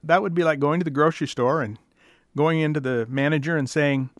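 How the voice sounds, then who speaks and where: A man's voice: fairly high pitch, fairly quick, no room sound. Wry middle-aged male vet, dry. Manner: dry, wry anecdotes with quoted callers. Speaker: veterinarian. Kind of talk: storytelling monologue.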